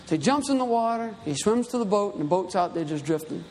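High-voiced preacher in a reverberant hall. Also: male voice, expressive, fast, darkish tone, slight background noise. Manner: storytelling, conversational, rising emphatic. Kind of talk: sermon. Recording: reverberant hall with faint ambience.

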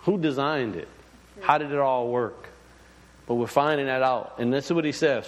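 This sermon comes from a man with a medium-pitched voice speaking at normal speed. He talks to the congregation casually, stumbling through fillers and restarts and often putting questions to them, with a long reverb from the hall.

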